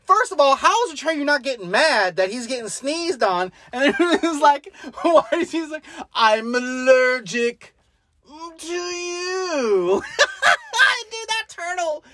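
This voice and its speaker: A man's voice: very high-pitched, moderate pace, hardly any pauses, no echo. A man co-hosting a movie podcast, chatting casually and cracking jokes. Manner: animated and joking, laughs often. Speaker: podcast co-host and father. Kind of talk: casual movie-review chat.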